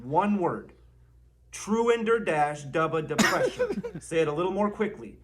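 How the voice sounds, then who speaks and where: A man's voice: high voice, wildly swooping pitch, measured pace, over a noisy crowd. A man narrating a comedy video as a mock teacher, drawing out his examples. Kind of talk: mock lesson.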